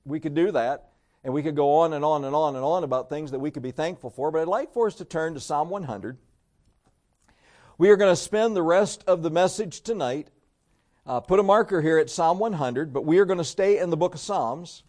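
A man's voice: a little high, a little fast, a little mellow. A man preaching a sermon in an easy, conversational way, repeating key phrases and getting the congregation to say them back. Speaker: pastor.

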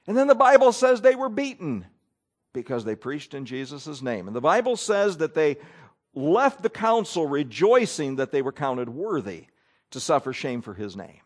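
A man's voice: on the high side, sing-song, normal speed. A middle-aged male pastor preaching a sermon, acting out his listeners' thoughts in quoted asides.

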